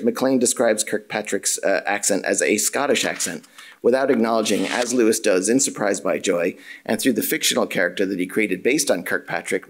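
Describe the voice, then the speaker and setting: A man with a fairly low voice reads his prepared paper at a university symposium. He is measured and formal. Now and then he stumbles on a word, adds an "uh" and corrects himself. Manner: measured, formal reading with occasional filler and self-corrections. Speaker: academic lecturer. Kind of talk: reading a prepared conference paper.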